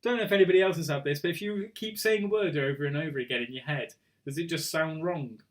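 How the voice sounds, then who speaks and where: Talking fast in a fairly high voice, a quiz host runs a casual online quiz night, reading out questions and answers. He's chatty, stumbles over words, and pokes fun at himself for it.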